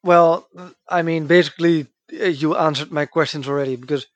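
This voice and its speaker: A man's voice: a little high, steady tone, a little fast, dry recording, highs cut off. A man co-hosting a podcast in casual chat, reacting bluntly and swearing. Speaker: podcast co-host.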